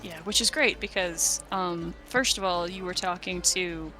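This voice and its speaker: A woman's voice: lowish voice, unhurried, over music. A young woman in a casual, laughing way leading a tabletop game as game master. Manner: casual, laughing, loose with fillers. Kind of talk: running a tabletop game session.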